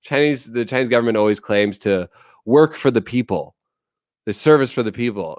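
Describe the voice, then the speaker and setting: Male streamer in his thirties, casual and profane, smooth voice, dry close-mic sound. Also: mid-range voice, lively intonation, a little fast, no echo. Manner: blunt, profane, rambling, reads chat aloud. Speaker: livestream host. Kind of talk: casual livestream chat.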